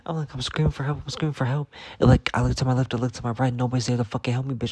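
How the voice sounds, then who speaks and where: A man answering fan questions in a casual storytime vlog, profane and animated, jumping into loud acted-out voices. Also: mid-range voice, racing, hardly any pauses, breathy edge.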